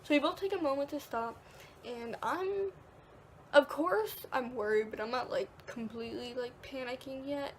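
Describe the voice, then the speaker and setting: A woman's voice: high-pitched, normal speed, slight background noise. A teenage girl vlogging, casually telling a story, full of "like" and acted-out quotes. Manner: chatty, peppered with "like", acts out quotes.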